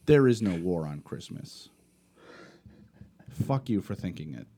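A man with a low, mellow voice who hosts a casual podcast. He rants with steady conviction and swears freely, and his tone stays dark and unhurried. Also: breathy edge. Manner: profane, ranting. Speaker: podcast host.

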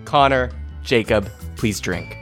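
A man running a tabletop game as game master, excitable and quick to laugh. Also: medium pitch, soft background music.

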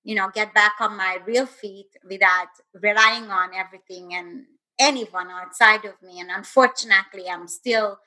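Very bright-voiced woman telling her story. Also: medium pitch, steady tone, moderate pace, hardly any pauses, low-quality recording. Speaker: guest, author. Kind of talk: candid personal storytelling.

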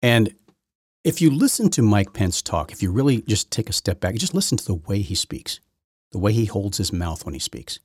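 A man's voice: lowish voice, sing-song, normal speed, darkish tone, breathy edge, dry recording, clean studio sound. A man hosting his own podcast, giving rambling, opinionated solo commentary full of restarts and repeated words. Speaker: podcast host.

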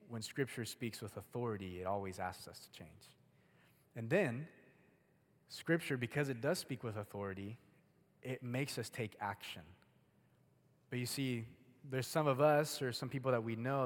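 A man's voice: medium pitch, moderate pace, pauses often. A young man preaching a casual, chatty sermon to a youth group, using a lot of filler words. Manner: casual, chatty, heavy use of "like". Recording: long hall reverb.

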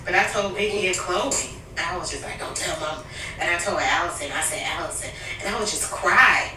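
A woman's voice: fairly low pitch, fairly quick, noisy background. A woman telling a personal story in a candid, emotional family conversation. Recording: echoey room, mic at a distance.

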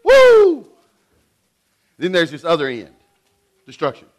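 A middle-aged man preaching a sermon in an animated way, swinging between loud and hushed delivery. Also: mid-range voice, a little fast. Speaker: pastor.

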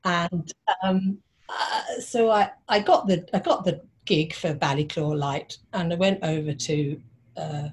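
A woman in her sixties from London, a playwright and actress, telling wry anecdotes in an interview with many pauses and fillers. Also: lowish voice. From London, England. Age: 60s. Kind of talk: conversational interview.

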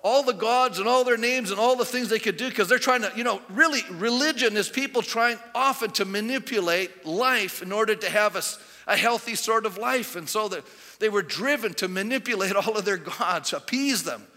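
A pastor with a high, bright, forceful voice delivers a sermon in a chatty way, full of rhetorical questions. A long reverb trails each phrase, as in a large sanctuary. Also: male voice, moderate pace. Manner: conversational preaching with rhetorical questions.

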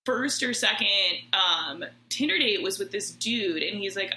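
Bright-voiced chatty woman in an echoey room. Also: medium pitch, expressive, normal speed, few pauses. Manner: chatty, lots of "like", laughs through her story. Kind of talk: casual storytelling chat.

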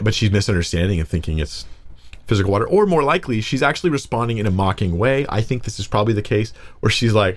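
A man, a pastor, explaining a Bible passage in a casual, conversational way, reading verses aloud and getting animated when he paraphrases. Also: on the low side, fast talker.

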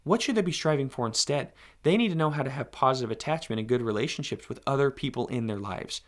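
A man's voice: medium pitch, fast talker. Earnest man giving fathers direct advice. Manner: earnest, direct, speaks to fathers in second person. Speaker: podcast host. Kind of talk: advice podcast monologue.

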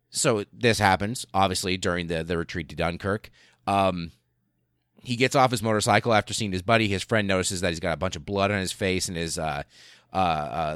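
Deep-voiced man telling history stories. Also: clean tone, no room sound, clean studio sound. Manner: excitable, profane, many fillers and restarts. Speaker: podcast host. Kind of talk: casual history storytelling.

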